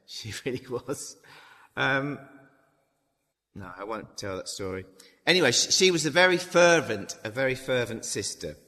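A man's voice: lowish voice, sharp tone. A man giving an informal Bible talk, chatty and full of fillers and tag questions. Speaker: preacher. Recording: long hall reverb.

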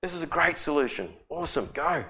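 A man's voice: a little high, lively intonation, a little fast, bright, forceful tone, pitched above the performer's own voice. A man doing a hasty, eager old king. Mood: urgent. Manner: urgent, dismissive commands.

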